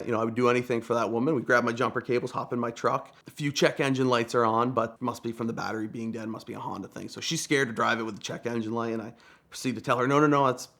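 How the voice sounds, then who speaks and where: A man's voice: medium pitch, fairly bright tone. A young man from Vermont telling a casual, chatty, self-deprecating story as a guest storyteller.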